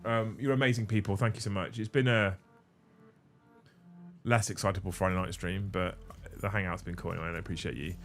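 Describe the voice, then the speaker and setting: A man's voice: low-pitched, steady tone, fairly quick, soft background music. A man hosting a casual livestream, bantering and thanking viewers, with a bit of swearing. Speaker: livestream host.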